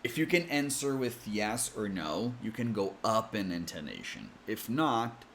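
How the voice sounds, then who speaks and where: A man with an American accent teaches English pronunciation with slow, deliberate explanations. His voice sits fairly low, and faint background noise runs underneath. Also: big pitch swings, a bit bright. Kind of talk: explanatory lesson.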